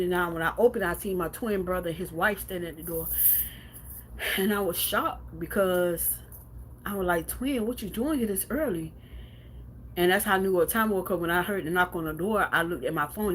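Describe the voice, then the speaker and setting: A woman with a lowish, fairly bright voice streams live from her home, recounting something painful in blunt, profane terms with plenty of repetition before turning to read viewer comments. There's slight background noise.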